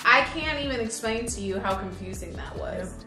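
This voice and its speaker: A young woman with a bright, forceful voice and a slightly raised pitch, recounting a personal story in casual chat. She acts out her own inner dialogue with lots of fillers. The room is echoey, with faint music underneath. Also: expressive, normal speed. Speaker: co-host of a couple's channel.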